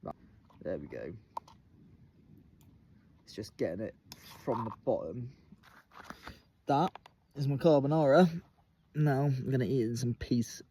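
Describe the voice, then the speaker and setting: A young man talks casually to camera while camping outdoors on open moorland. His voice is mellow and relaxed, and his jokey, sweary chat is set against faint background noise. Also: mid-range voice, unhurried, long pauses. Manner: laid-back, sweary, jokey. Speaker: vlogger.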